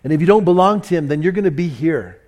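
A man's voice: fairly high pitch, lively intonation, quick pace, darkish tone. A man preaching a sermon in church, telling a story animatedly and mocking himself, with frequent restarts. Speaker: pastor. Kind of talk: sermon with anecdote. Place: church service.

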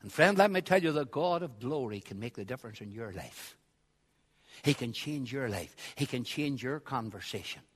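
A man preaching a sermon, swinging from quiet asides to loud, shouted passages. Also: mid-range voice, breathy edge. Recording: long hall reverb.

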